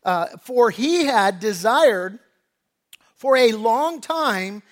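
A man's voice: very high-pitched, lively intonation, very slow. A man preaching a sermon as pastor, talking conversationally with frequent restarts and acting out quoted lines in a casual voice. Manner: acts out quoted speech in a casual voice.

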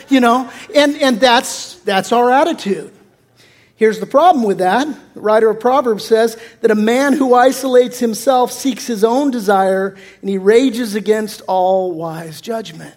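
Male pastor, high voice, easygoing conversational sermon delivery. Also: measured pace. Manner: casual, conversational preaching with acted-out quotes.

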